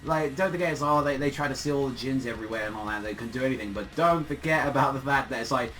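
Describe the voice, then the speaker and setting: A man's voice: mid-range voice, fast talker, fairly bright tone, a little hiss or hum, low-quality recording. A man casually reviewing a manga chapter, rambling with lots of fillers and plenty of swearing.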